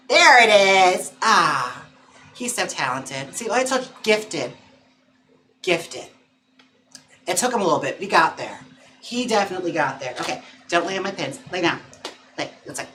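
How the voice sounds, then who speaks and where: A man hosting a livestream from his home chats playfully and casually, often laughing, and raises his voice higher to coo at and coax his dog. The tone is bright and forceful, over slight background noise.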